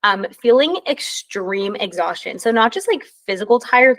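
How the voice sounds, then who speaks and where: A woman's voice: mid-range voice, lively intonation, normal speed, few pauses. A woman presenting on emotional exhaustion in a casual way, filling her talk with many ums and likes and yawning now and then.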